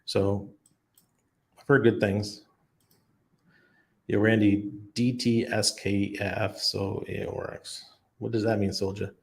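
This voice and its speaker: A man with a lowish, gravelly voice hosts a relaxed livestream. He reads out viewer comments one after another and answers each one off the cuff, chatting loosely and thinking aloud as he goes. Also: slow pace, pauses often, a little hiss or hum. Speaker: crypto livestream host. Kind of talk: casual live chat, reading viewer comments. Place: home in Panama.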